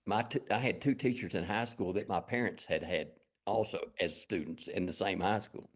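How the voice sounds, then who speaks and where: Middle-aged West Texas man, low voice, folksy rambling storyteller, interview guest. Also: moderate pace. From Lubbock, Texas. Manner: rambling, folksy, self-deprecating. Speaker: guest artist.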